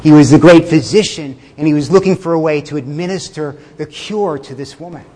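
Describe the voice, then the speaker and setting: A man preaching a sermon in a conversational way, with fillers, chuckles and slowed words for emphasis. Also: fairly high pitch, a little mellow, long reverb tail, a little hiss or hum. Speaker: pastor.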